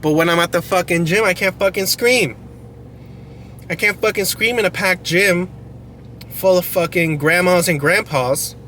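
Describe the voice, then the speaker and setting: A young man venting angrily to the camera about a bad gym workout, swearing constantly and dropping to a low mutter, with car and street noise behind him. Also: normal speed, pushed and bright. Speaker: fitness vlogger. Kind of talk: raw confessional vlog rant. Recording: clear vehicle and outdoor background noise.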